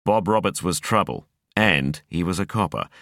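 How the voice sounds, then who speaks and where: Very deep-voiced male audiobook narrator. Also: dry recording, studio quality. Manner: measured, expressive storytelling.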